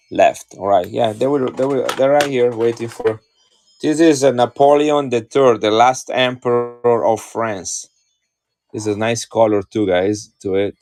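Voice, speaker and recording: Low-voiced man selling coins live. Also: a little mellow. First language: Italian. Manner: chatty, enthusiastic, addresses viewers directly. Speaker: live-stream coin seller. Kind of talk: casual live-stream selling chat.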